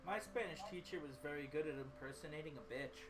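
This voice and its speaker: A woman's voice: deep voice, quick pace, music in the background. A woman bantering casually at a tabletop game table, teasing and sarcastic, laughing often.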